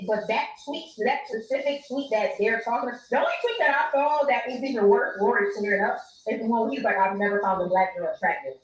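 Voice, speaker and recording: A woman's voice: fairly high pitch, echoey room, low-quality recording. A woman giving candid, blunt commentary in a casual podcast conversation.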